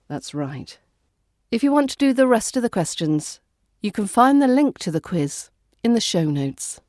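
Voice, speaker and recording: A woman with a British RP accent teaching pronunciation in a podcast lesson, saying each sound slowly and carefully. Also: lowish voice, lively intonation, a little mellow, no echo, clean studio sound. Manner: slow, careful enunciation of single sounds. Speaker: accent coach.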